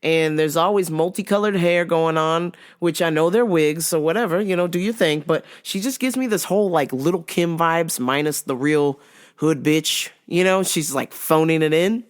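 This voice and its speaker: A woman's voice: sits low, moderate pace. A woman hosting a podcast, telling a work story in a blunt, profane, casual comedic way. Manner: blunt, profane, laughs often. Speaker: podcast host.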